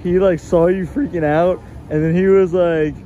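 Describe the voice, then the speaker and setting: A man with a fairly high but mellow voice casually recounts a moment and mockingly mimics someone. The recording is dull and a little distant, with faint traffic noise outside. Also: fairly even intonation, moderate pace. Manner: retelling with a mocking imitated voice. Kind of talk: casual chat.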